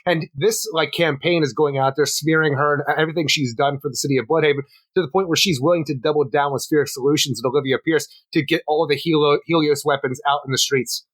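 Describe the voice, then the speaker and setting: A comic podcast co-host fires off quick jokes and plot recaps. His voice sits a little high for a man, and he talks fast. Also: fairly even intonation, fairly bright tone. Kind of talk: casual comic review chat.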